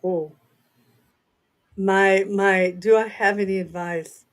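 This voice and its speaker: A woman's voice: medium pitch, steady tone, slow. A middle-aged woman with a Southern accent, co-hosting a casual chat and laughing often. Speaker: author and co-host.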